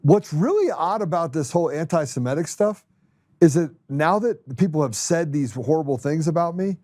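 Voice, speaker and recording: Middle-aged male podcast host. Jokey, animated banter, dry close sound. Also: a little high, normal speed, no room sound. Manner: jokey, laughing, animated storyteller. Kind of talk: casual banter interview.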